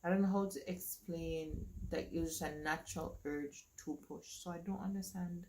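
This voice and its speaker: A woman telling her own story to camera in a casual, animated way, acting out what others said to her. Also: lowish voice, normal speed.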